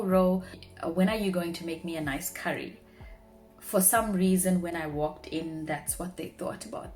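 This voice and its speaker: Earnest young woman, low-pitched. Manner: earnest and heartfelt. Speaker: vlogger; marketing professional. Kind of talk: personal reflective talk to camera.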